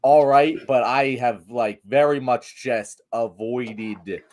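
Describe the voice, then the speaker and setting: Casting: male podcast commentator, mid pitch, animated, profane, sarcastic. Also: slow. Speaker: political commentator. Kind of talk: casual political chat.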